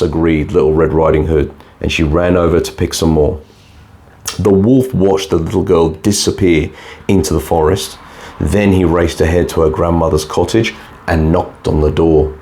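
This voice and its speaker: A man with a very deep voice reads a bedtime fairy tale aloud. His delivery is calm and steady, paced like a storyteller settling children down. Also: normal speed. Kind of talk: scripted bedtime story narration.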